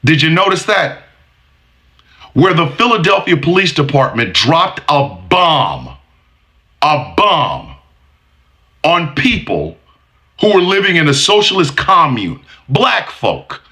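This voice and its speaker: A man's voice: a little high, big pitch swings, slow pace, pauses often, sharp tone. A man in his forties giving heated, profane commentary with emphatic delivery. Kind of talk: ranting commentary.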